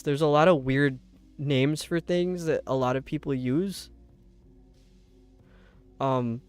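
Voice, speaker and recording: A young game streamer from upstate New York, with a light New York accent, rambles and chats casually with viewers as he plays, laughing quickly. His voice is a little high and clean-toned, with no echo.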